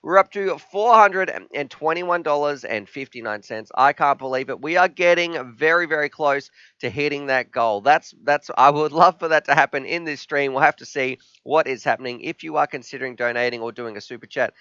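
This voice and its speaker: Chatty Australian male stream host, bright crisp voice, dry lo-fi sound. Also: mid-range voice, fairly quick, hardly any pauses, no echo. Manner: chatty, reads viewer comments, laughs easily. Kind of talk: casual live stream chat. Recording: dry, slightly dull lo-fi sound.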